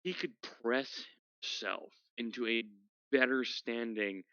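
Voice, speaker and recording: Animated man playing a tabletop game. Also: mid-range voice, takes it slowly, smooth, no room sound, muffled recording. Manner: animated, emotional, laughing often. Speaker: player. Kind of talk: tabletop game role-play chat.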